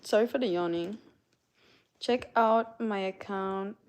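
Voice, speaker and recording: A woman's voice: medium pitch, takes it slowly, smooth. A woman from Canada hosting a casual livestream, chatting with viewers, greeting them by name and reading out their messages. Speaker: livestream host. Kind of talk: casual live-stream chat with viewers.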